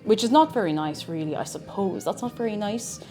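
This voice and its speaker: A woman's voice: mid-range voice, animated, fairly quick, dark tone, soft background music. A woman streaming herself cooking in a home kitchen, chatting casually and mocking herself as she rambles. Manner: rambling, self-mocking, talks to herself and chat. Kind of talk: casual live-stream chat while cooking.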